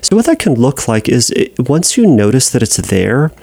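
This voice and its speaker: A man's voice: medium pitch, very animated, normal speed, creaky, a little mellow, breathy edge, dry recording. A man hosting an advice podcast, talking in a thoughtful way with frequent restarts, a bit congested and nasal. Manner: thoughtful, repeats and restarts while explaining. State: congested, nasal from sinus trouble. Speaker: podcast host and therapist. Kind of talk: advice podcast, answering a listener.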